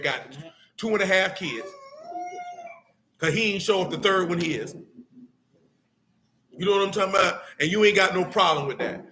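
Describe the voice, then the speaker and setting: A man's voice: high voice, bright, forceful tone, slight background noise. A man preaching a blunt, street-talking sermon mixed with scripture reading. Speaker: teacher.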